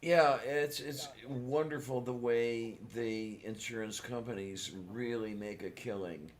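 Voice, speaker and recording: A man's voice: mid-range voice, steady tone, measured pace. A man in a casual group chat, wry and joking, reading out viewer comments.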